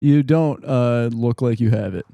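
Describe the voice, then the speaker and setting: A man's voice: mid-range voice, measured pace, gravelly, warm tone, no echo. Mock-serious male podcast host. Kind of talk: comedy podcast interview.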